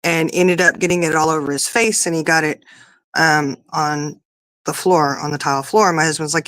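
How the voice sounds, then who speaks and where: A woman's voice: sits low, steady tone, a little fast, fairly bright tone, no room sound. A woman in her fifties chatting casually, telling rambling stories about her kids. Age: 50s. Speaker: podcast guest or co-host. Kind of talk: casual chat.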